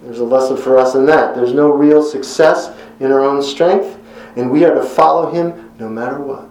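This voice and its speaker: A man preaching a sermon in an earnest, conversational way, pausing for effect and voicing quotes with emphasis. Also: mid-range voice, a little mellow, reverberant, low-quality recording.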